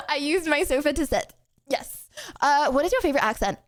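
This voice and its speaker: A woman's voice: high-pitched, expressive, a little fast. Giggly, rambling young woman streamer. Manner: giggly, rambling, lots of "like" and "bro". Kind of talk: casual chat answering chat questions.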